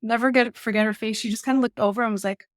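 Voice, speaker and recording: A woman from Canada telling stories in a casual interview, animated, with quick asides and acted-out quotes. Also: on the high side, dry recording, clean studio sound. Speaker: guest, baker and culinary teacher.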